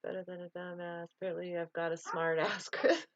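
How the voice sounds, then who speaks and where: A woman's voice: fairly low pitch, level tone, a little fast, muffled recording, a crowd in the background. A woman hosting a casual live stream, chatting loosely, laughing often and answering viewer comments.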